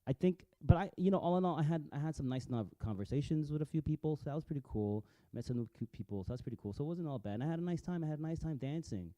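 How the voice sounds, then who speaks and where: A man's voice: a little high, animated, rapid-fire, hardly any pauses, dark tone, dry recording. A man commenting casually on video clips, rambling, swearing, and repeating words as he goes. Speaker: vlogger.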